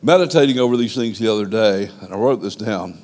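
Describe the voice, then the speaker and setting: A man's voice: fairly low pitch, fast, darkish tone, long reverb tail. A man preaching a sermon as the pastor of a church, with an emphatic, repetitive cadence. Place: church sanctuary.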